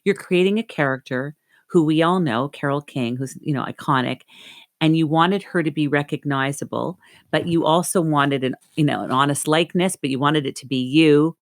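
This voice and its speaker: A woman's voice: low voice, no room sound, clean studio sound. A woman hosting an interview, asking questions and reacting with enthusiasm. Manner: warmly enthusiastic, quick reactions. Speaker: podcast host.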